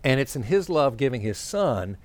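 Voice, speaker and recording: Relaxed conversational male preacher. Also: mid-range voice. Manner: conversational, drawn-out pauses and fillers; explains points while drawing a diagram. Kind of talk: sermon with storytelling.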